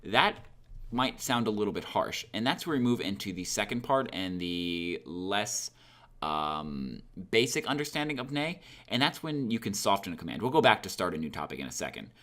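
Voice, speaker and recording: Casting: young male teacher, lowish voice, relaxed and chatty, plenty of ums, acts out example lines. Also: normal speed. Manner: conversational, many fillers, acts out example lines. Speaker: language teacher. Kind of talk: casual explanatory lesson.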